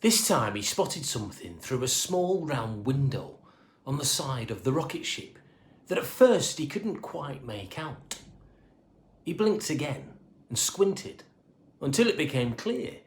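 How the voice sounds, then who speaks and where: A man narrating a children's storybook in an expressive, playful manner. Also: medium pitch, a little slow. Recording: echoey room.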